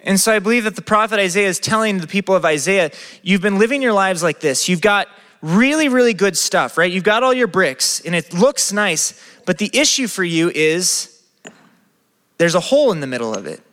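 Bright-voiced man preaching in a hall. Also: high-pitched, normal speed. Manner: lively, asks the crowd many questions. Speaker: pastor. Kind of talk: sermon. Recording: long reverb of a hall.

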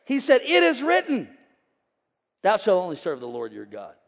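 A man in his forties preaching a sermon as pastor, energetic and folksy, jumping from shouts to hushed, joking asides. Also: sits high, moderate pace, vocal fry, in a large hall. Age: 40s. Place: large church hall with congregation.

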